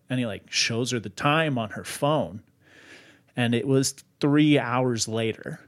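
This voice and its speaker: Male podcast host, conversational storyteller, lively, loose delivery. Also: mid-range voice, unhurried. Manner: animated, lots of "like" fillers. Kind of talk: casual storytelling.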